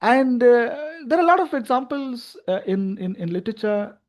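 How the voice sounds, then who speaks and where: A man's voice: very high voice, expressive, moderate pace. A man with a Tamil English accent giving a university lecture, with many restarts and frequent "right?" and "you know".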